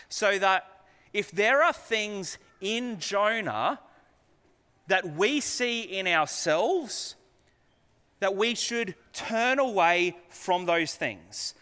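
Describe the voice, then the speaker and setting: A man's voice: sits high, sharp tone. A man preaching a sermon, earnest and conversational, putting rhetorical questions to his congregation. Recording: long hall reverb.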